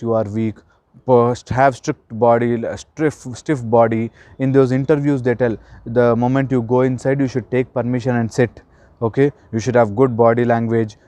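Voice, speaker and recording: A man giving an earnest spiritual talk, stressing points by repeating words and slowing down. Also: medium pitch, dark tone, dry recording. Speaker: spiritual counsellor and life coach. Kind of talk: earnest spoken talk to camera.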